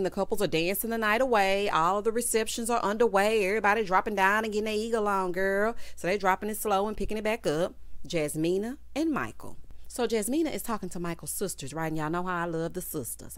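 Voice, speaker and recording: A woman's voice: mid-range voice, no room sound. A woman giving a sassy, casual recap of a reality show, talking straight to her viewers. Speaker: TV recap reviewer.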